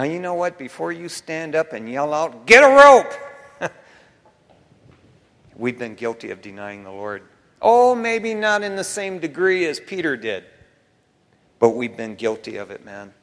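A man preaches with a fairly high voice, his lines ringing out into the long reverb of a large church hall. His sermon delivery is dramatic, pushing hard on key words and then dropping almost to a whisper, with casual, slangy talk. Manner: dramatic, swinging from loud emphasis to near-whispers.

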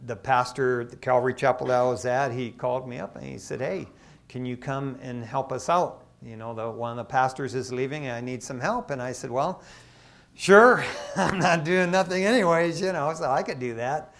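A man's voice: mid-range voice, a little fast. Man preaching a conversational sermon. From Michigan. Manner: conversational, animated storytelling with asides. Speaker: associate pastor.

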